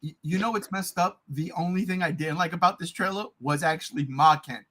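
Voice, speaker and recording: A man co-hosting a podcast, chatting casually and excitedly about movies, swearing often and getting loud. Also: on the high side, fairly quick. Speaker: podcast co-host.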